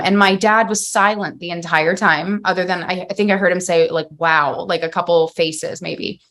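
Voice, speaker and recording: A woman's voice: on the low side, a bit bright. A woman in her thirties hosting a podcast, telling a personal story in a heartfelt, rambling way with many fillers and restarts. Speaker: podcast host. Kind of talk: casual podcast conversation.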